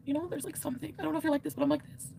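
A woman speaks to her viewers in a high, gravelly voice with a mellow tone. She rambles frankly, with plenty of "like" and some swearing, over a faint hiss of background noise. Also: fairly even intonation, racing. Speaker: vlogger. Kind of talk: candid vlog talk.

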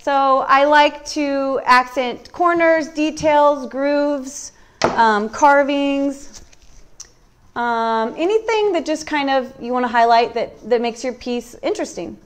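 A woman demonstrating furniture painting on a live stream, talking through each step in a relaxed, chatty way. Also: high-pitched, slow. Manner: relaxed, chatty, thinking aloud. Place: warm indoor workshop.

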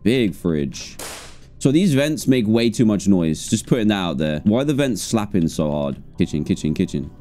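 A man's voice: on the low side, big pitch swings, normal speed, warm tone, faint music behind. A man giving jokey, jumpy commentary while playing a horror game live. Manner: jokey, jumpy, talks to himself. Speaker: gaming streamer.

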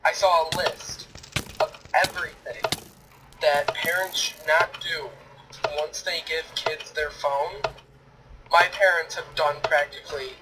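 Griping male gamer, slightly high, distant mic with audible background noise. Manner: complaining in quick excited bursts. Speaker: gaming friend. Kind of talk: casual gaming chat.

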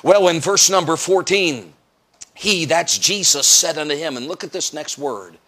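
At an evening church service, an American evangelist with a slightly high voice and lively intonation preaches at a moderate pace. His sermon is emphatic and full of rhetorical questions, with acted-out quotes and occasional shouting.

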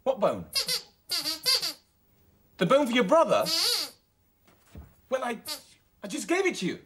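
A woman presenting a children's TV show, talking with puppets in an excitable, exclaiming way with playful scolding. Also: fairly high pitch, moderate pace, a crowd in the background.

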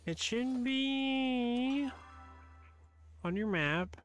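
A male streamer chatting casually while playing a game, quick to laugh and talking to his viewers. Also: very high-pitched, lively intonation, fairly bright tone, soft background music. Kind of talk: casual gaming stream chat.

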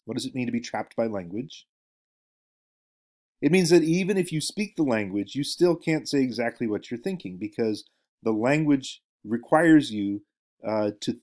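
Male lecturer with a low voice, halting and full of fillers, a recorded class talk. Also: darkish tone. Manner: halting, many fillers and restarts. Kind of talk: recorded lecture, reading aloud from a book.

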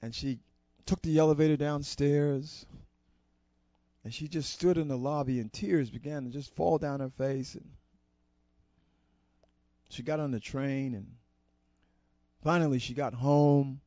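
High-voiced man telling a story. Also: dry recording. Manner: expressive, deliberate pauses. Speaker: storyteller at a society program. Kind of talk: motivational storytelling. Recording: dull lo-fi dry recording.

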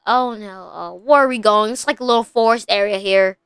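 A young woman hosting a gaming channel, narrating a game with excited, exclamation-filled commentary. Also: medium pitch, fairly quick, clean tone, dry recording, studio quality. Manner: breathless, frequent exclamations.

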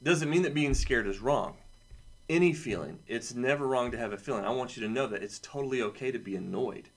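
A man's voice: medium pitch, fairly quick. A man with a son, teaching a casual lesson to children with playful, jokey asides. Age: adult, has a son. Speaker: camp teacher for kids.

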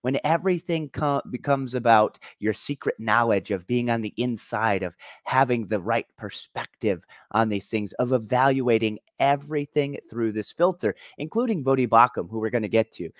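A man's voice: medium pitch, no echo, clean studio sound. A man hosting an opinion commentary vlog, talking in an emphatic, argumentative way. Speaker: commentary channel host.

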